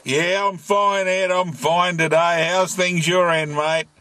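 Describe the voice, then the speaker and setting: A man's voice: high voice, steady tone, takes it slowly, background noise. Jokey Australian man on ham radio. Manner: jokey, uses radio call signs and slang. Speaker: amateur radio operator, travel vlogger. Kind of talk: casual ham radio chat. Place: outdoors at a bush campsite.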